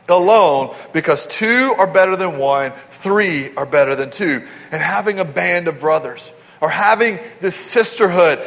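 Middle-aged pastor guy preaching, high-ish voice, animated storytelling, long echo of a big church hall. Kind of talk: sermon.

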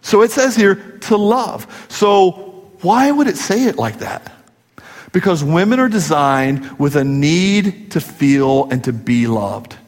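A man's voice: fairly high pitch, animated, takes it slowly. A male pastor preaching a sermon in a conversational, joking way, acting out quoted voices. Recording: long hall reverb.

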